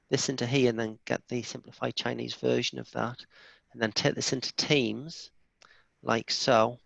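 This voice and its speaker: A man presenting a software demo in a live online session, enthusiastic and chatty, often restarting his sentences. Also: medium pitch, vocal fry, dry recording. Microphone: video call. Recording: dull lo-fi video call audio.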